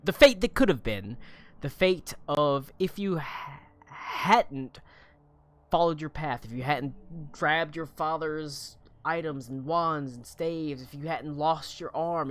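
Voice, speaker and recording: A man narrates a tabletop game as its game master. He speaks slowly, stopping and restarting, in a slightly high voice. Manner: slow, halting narration with fillers.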